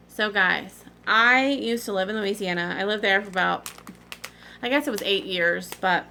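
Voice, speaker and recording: A woman's voice: mid-range voice, unhurried, gravelly, long pauses, bright, forceful tone, a little hiss or hum. A middle-aged woman rambling in a casual, digressive chat to her vlog audience, often apologizing in asides. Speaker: cross-stitch vlogger.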